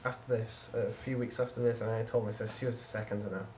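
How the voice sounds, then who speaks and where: A man's voice: lowish voice, flat delivery, fast talker, slight background noise. A teenage man, casually telling a personal story in a rambling vlog from his bedroom. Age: teens. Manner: casual, rambling, quotes others with "I was just like". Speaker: vlogger.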